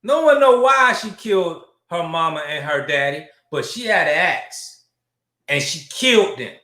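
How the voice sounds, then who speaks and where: A middle-aged male host delivers blunt, profane livestream commentary and greets viewers by name. His voice sits high and sounds bright and forceful. The sound carries an echoey room. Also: animated, unhurried. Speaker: show host.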